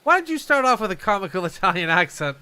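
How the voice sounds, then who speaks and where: High, bright-voiced man improvising dry comedy. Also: sing-song, clear, resonant tone. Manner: dry, wry questioning, quick laughs.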